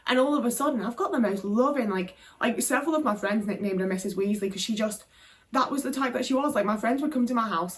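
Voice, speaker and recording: A woman's voice: fairly high pitch, fast talker, far from the mic. A British woman telling her own life story to camera, frank and full of swearing and "like" fillers. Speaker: video creator. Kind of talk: candid personal storytelling to camera.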